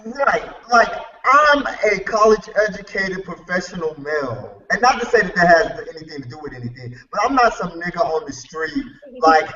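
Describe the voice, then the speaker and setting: Animated man from the Bronx, distant mic. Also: high voice, moderate pace, reverberant, muffled recording. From the Bronx, New York. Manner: animated, laughing, joking. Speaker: podcast co-host. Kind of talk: casual drunk chat.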